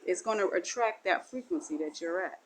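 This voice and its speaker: A woman's voice: on the low side, a little fast, a little hiss or hum, poor audio. Woman giving a meandering spiritual talk. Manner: meandering, repetitive, folksy. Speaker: self-styled spiritual teacher. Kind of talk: spiritual monologue.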